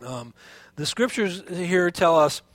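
A man preaching a sermon as pastor, telling a personal story in an animated way with many restarts and fillers. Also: high-pitched, takes it slowly, no echo.

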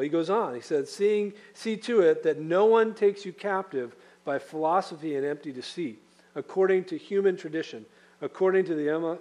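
A man's voice: a little high, darkish tone. A man preaching a sermon in a conversational way, with fillers and acted-out quotes. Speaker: pastor.

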